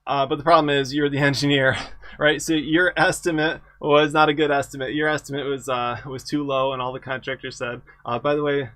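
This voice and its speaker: A man's voice: medium pitch, flat delivery, brisk, bright, forceful tone, no echo. A middle-aged man lecturing an engineering exam review, conversational and self-correcting, with wry humor about past projects. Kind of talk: lecture with anecdotes.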